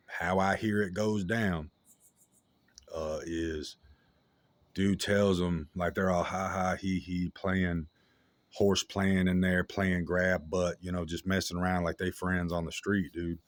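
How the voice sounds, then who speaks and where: A man with a very deep voice talks straight into a dry, close microphone. His story comes out casual and slangy, full of restarts and fillers. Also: little pitch movement, takes it slowly, long pauses, no echo.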